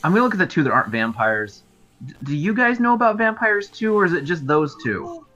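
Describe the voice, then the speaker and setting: A man's voice: on the high side, sing-song, brisk, bright, forceful tone, dull audio. A man playing a character in a tabletop game, speaking earnestly and casually. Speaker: player.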